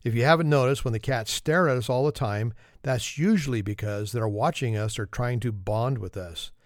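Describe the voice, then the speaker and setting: A man's voice: medium pitch, normal speed, no room sound, studio quality. A man hosting a podcast and delivering a humorous monologue in a wry, self-deprecating, conversational manner. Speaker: podcast host.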